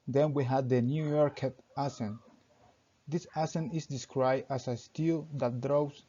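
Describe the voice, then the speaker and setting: A young man reads his class presentation aloud in short, halting phrases, stumbling over grammar now and then. His voice is dark and mellow, and the recording sounds dull and lo-fi. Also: medium pitch. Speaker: student presenter.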